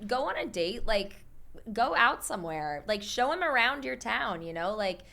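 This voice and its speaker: A woman's voice: fairly high pitch, sing-song, normal speed, creaky, bright, forceful tone. A woman on a podcast giving casual, hesitant advice full of "um" and "like". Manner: hesitant, many fillers.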